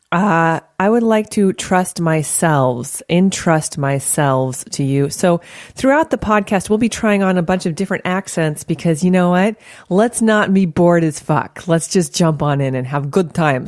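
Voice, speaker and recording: A woman hosting a podcast in a casual chat, animated and playful, with frequent swearing. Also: lowish voice, measured pace, no room sound, clean studio sound. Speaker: podcast host.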